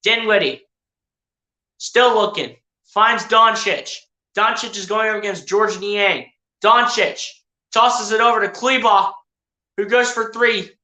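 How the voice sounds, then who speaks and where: This streamer takes it slowly while giving casual live play-by-play of a basketball game, chatting directly with the players and the chat. The voice is bright and mid-pitched with a little hedging, names get corrected on the fly, and the room echoes.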